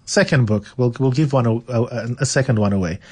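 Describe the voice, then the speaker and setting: Husky-voiced male radio host. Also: medium pitch, brisk, darkish tone. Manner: chatty, repeats words when thinking. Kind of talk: casual radio chat and book reading.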